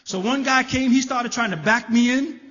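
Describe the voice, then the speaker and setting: A man from the Bronx, telling a story on a live stage in an animated way, often laughing and raising his voice. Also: extremely high pitch, moderate pace. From the Bronx, New York. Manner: animated, shouting in quotes, laughing through lines. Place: theater stage. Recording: live stage, long hall reverb, dull sound.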